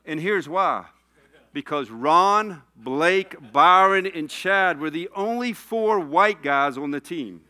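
Male preacher, bright and crisp, slightly high voice; story-driven sermon with fervent build. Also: expressive, takes it slowly. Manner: storytelling, rising to passionate exhortation. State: tearful.

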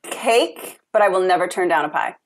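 A woman's voice: on the low side, animated, moderate pace. A woman who works in stage performing, speaking candidly as an interview guest. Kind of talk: casual interview.

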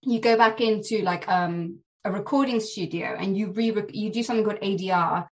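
A woman's voice: mid-range voice, brisk. A woman actor chatting as a podcast guest, telling stories from filming with light laughter. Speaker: actress guest. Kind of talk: casual podcast interview.

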